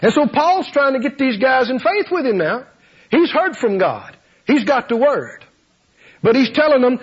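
High, lively preacher. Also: male voice, moderate pace, husky. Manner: animated, laughing, acts out voices. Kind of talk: sermon. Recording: dull lo-fi sound.

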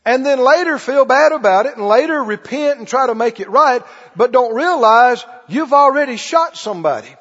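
A man delivers a sermon in a casual, questioning manner, acting out small scenes for his listeners. His voice sits very high and sounds husky. The lo-fi recording carries a long hall reverb, as in a church sanctuary. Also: lively intonation, moderate pace, few pauses, fairly bright tone. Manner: conversational preaching, asks the congregation questions, acts out scenes. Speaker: pastor.

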